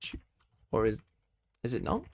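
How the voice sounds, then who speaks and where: Young British guy streaming, keyboard clicks behind, casual and sweary, thinks aloud. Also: unhurried. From Britain. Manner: swearing, quizzing himself aloud and talking to chat. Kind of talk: casual live-stream chat.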